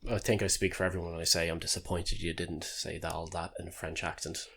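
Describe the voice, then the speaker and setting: A man's voice: deep voice, level tone, fast talker, a bit bright, breathy edge, no echo. A man co-hosting a casual podcast, joking and teasing his partner. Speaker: podcast co-host.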